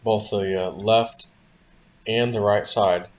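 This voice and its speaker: A man's voice: fairly low pitch, steady tone, slow. A man hosting a vlog, telling a story in a casual, rambling way, full of "you know" and "like". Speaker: vlog host.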